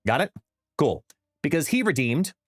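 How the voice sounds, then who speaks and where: A man's voice: on the high side, big pitch swings, normal speed, dry recording. Casual male streamer, dry close sound. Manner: casual, joking with chat. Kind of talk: live game stream chat.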